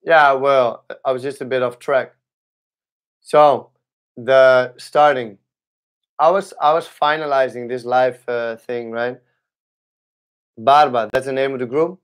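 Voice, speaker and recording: A young man, a capoeira teacher, chatting casually on a livestream, halting and restarting his sentences often. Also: medium pitch, steady tone. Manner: halting, with many restarts and fillers. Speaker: capoeira instructor.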